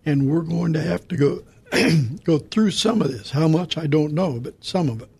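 A man co-hosting a Christian radio show, reading scripture verses and talking through them in a halting, casual way. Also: on the high side, creaky, mellow, breathy edge. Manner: halting, reads scripture aloud and dedicates it. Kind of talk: Bible study radio talk.

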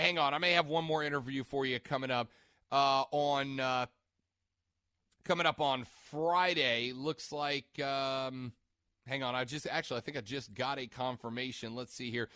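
A man's voice: mid-range voice, moderate pace, sharp tone, no echo. A man hosting a sports radio show, chatting casually and rambling, stopping mid-sentence to check his notes. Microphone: studio microphone.

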